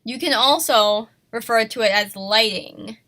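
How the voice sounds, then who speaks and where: A woman with a bright, forceful tone talks through an art lesson at an unhurried, slow pace. She is sick and self-conscious, laughing at herself and apologizing as she goes. It sounds like a casual home recording. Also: on the high side. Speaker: art tutorial host.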